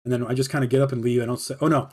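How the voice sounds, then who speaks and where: A man's voice: mid-range voice, very fast, husky. A man casually telling a personal story about a work dispute, swearing often and acting out the other people's lines. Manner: profane, animated retelling with quoted dialogue. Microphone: streaming mic.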